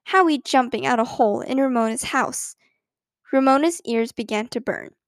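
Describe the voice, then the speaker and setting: High-voiced woman reading a children's story. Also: moderate pace, no room sound, clean studio sound. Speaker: narrator.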